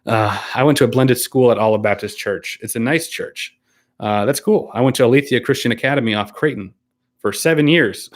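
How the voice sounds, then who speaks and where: A man's voice: mid-range voice, fairly quick. A man hosting a casual live stream, reading viewer comments aloud and answering them in an easygoing, hesitant way. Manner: easygoing, hesitant, many ums and restarts, laughs often.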